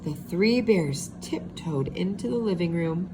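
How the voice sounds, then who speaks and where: A woman teacher reading a storybook aloud to young children, expressive and pausing to ask them questions. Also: lowish voice. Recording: steady background hiss.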